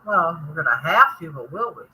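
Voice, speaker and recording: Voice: medium pitch, lively intonation, brisk, bright, forceful tone, breathy edge, rough recording. A laid-back chat partner giving short, easygoing replies in a casual conversation.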